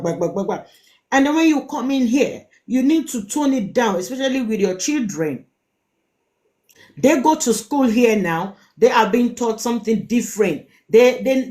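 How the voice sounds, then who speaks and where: A woman's voice: on the high side, darkish tone. A middle-aged woman with a Nigerian accent, hosting a live-stream relationship advice talk; she speaks emphatically, repeats words and asks rhetorical questions. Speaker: host giving relationship advice.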